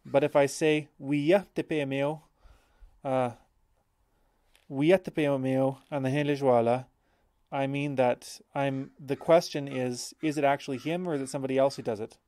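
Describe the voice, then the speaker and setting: A man's voice: medium pitch, fairly even intonation, normal speed, mellow, no room sound, clean studio sound. Man patiently teaching a language lesson. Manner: thinks aloud, self-correcting, explains patiently.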